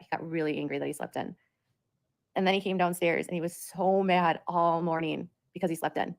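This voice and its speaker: Woman, low voice, gravelly, rambling livestream talk, repeats herself. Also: fairly even intonation, a little fast. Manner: rambling and repetitive, full of "like". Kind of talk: livestream monologue.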